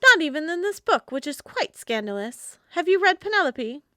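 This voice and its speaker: A woman's voice: sits high, very animated, moderate pace, no echo, studio quality, voice pushed up, exaggerated voice. A woman doing a sly mocking young lady. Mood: teasing. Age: young adult. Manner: arch, mocking, bright. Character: sly, teasing young woman, cool and unafraid.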